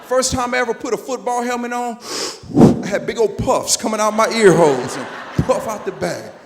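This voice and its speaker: A man giving an energetic motivational speech to teachers, telling stories and getting the audience to call back. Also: high voice, fairly quick, slight background noise. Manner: energetic, storytelling, calls for audience response. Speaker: motivational speaker. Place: large auditorium. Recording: long hall reverb, PA system.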